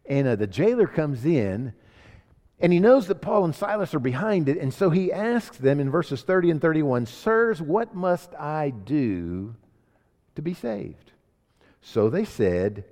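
A man's voice: mid-range voice, a little mellow. A man preaching a sermon as pastor, asking rhetorical questions and building emphasis. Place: church sanctuary. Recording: long hall reverb.

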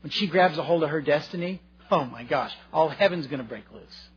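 A man's voice: fairly high pitch, lively intonation, a little fast, dull audio, lightly acted. A male preacher voicing the devil as a scheming male spirit, exclaiming in mock alarm.

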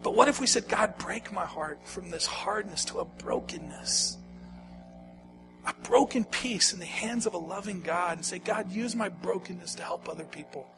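A man with a high-pitched voice preaches a sermon. He swings between hushed, slow lines and loud, pleading ones, and repeats phrases for emphasis. Soft music plays faintly underneath. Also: poor audio. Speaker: pastor.

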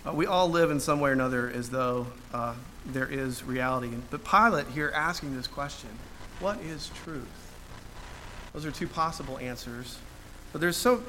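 A man's voice: mid-range voice, sharp tone, a little hiss or hum. A man preaching a sermon in a conversational way, full of fillers and restarts, with dry humor.

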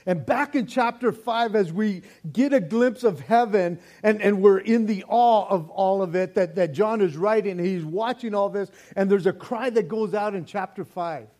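An older man preaching a sermon in a lively, joking way, often restarting his words. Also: sits high, moderate pace, few pauses. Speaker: pastor.

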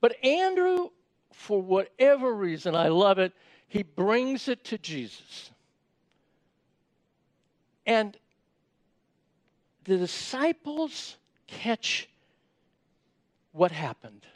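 A man with a notably high voice gives a sermon like a chat. He restarts his sentences and turns to his listeners with questions. The sound is dry and close. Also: sing-song, extremely slow, pauses often, dry recording. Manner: conversational, repeats words when starting sentences, asks the audience questions. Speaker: preacher.

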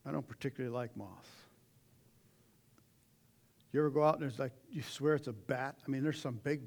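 A middle-aged man preaching a sermon in a folksy, animated way, with sudden shouted asides. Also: medium pitch, a little fast.

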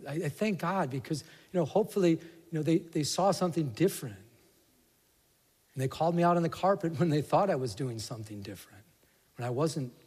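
Male pastor, casual sermon delivery that builds to fervor, higher-pitched, echoing hall. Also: darkish tone, husky. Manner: conversational, rising to passionate emphasis. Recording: reverberant hall.

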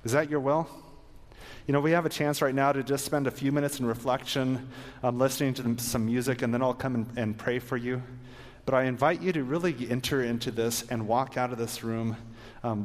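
A man's voice: mid-range voice, fairly even intonation, fairly quick, soft background music. A man preaching an earnest sermon to a live audience, then leading a prayer. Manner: earnest, exhorting, ends in prayer. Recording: long hall reverb.

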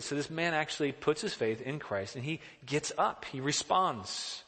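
A man's voice: a little high, expressive, normal speed, hardly any pauses, a bit bright, in a large hall. A male pastor preaching a sermon in an earnest, questioning, emphatic way.

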